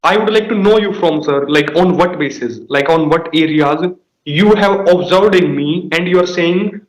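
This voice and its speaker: A young man with a high voice, asking polite questions and tacking "sir" and "like" onto his sentences. The room around him is echoey and roomy. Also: moderate pace. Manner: polite, calls the other "sir", uses many fillers like "like". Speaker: student interviewer. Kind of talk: conversational interview.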